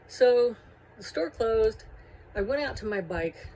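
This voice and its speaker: An animated woman telling a story about her hometown in a relaxed, conversational way. She sounds amused and breaks into laughing asides, with a voice of ordinary middle pitch. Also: normal speed, slight background noise, poor audio. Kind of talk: casual personal storytelling.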